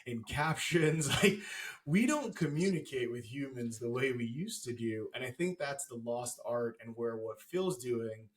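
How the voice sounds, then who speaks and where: A man hosting a podcast, telling stories in a lively way with stammered restarts. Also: mid-range voice, moderate pace, hardly any pauses. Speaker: podcast host. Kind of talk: casual interview chat.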